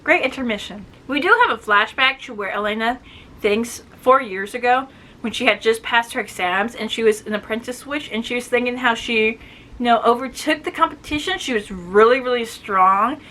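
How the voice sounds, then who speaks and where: A woman reviewing a book, casually retelling the plot and acting out the characters' lines with quick voice shifts. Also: on the high side, pushed and bright. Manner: chatty, acts out quoted lines with quick voice shifts.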